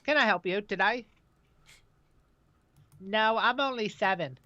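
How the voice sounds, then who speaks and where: A man's voice: high voice, a little slow, bright, forceful tone, no echo, lo-fi sound, pitched above the performer's own voice. A man voicing a polite little boy of seven answering the phone in a sing-song way.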